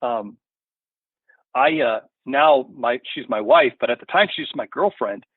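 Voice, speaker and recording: A man from a hunting gear company, appearing as a podcast guest, tells a rambling story in a casual interview, constantly checking in with "you know" and "right?" His mid-range voice is breathy and measured in pace. The audio is dry with no room sound, but it has a tinny, phone-line quality.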